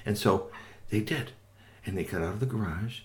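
A man telling a made-up bedtime story to children, gentle and animated, adding sound effects and voices. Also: on the low side, normal speed.

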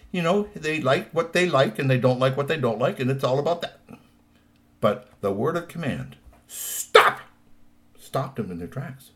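A man telling a children's story in a playful, animated way, with lots of asides. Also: mid-range voice.

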